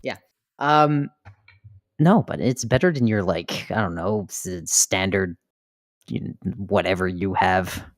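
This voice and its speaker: A man's voice: sits low, takes it slowly, dry recording, clean studio sound. A man co-hosting a live gaming podcast from his own room, laughing often as he banters back defensively. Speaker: podcast co-host.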